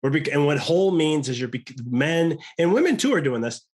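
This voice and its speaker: A man in his thirties, a chiropractor guest on a chat podcast, talking in an earnest, rambling way. His voice sits a little high for a man, and he keeps restarting sentences and quoting his own thoughts. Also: sing-song, fairly quick, darkish tone. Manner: rambling, earnest, many restarts and quoted self-talk. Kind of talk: casual podcast conversation.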